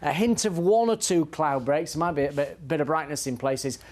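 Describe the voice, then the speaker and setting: A man presenting the regional TV weather forecast in a relaxed, conversational way. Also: on the high side, moderate pace.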